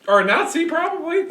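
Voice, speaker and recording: A man co-hosting a casual podcast, his high voice swooping up and down as he banters. He trades loud, crude jokes and laughs often, his sound a bit echoey in the room. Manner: animated, shouty banter, laughs a lot. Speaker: podcast co-host. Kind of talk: casual chat.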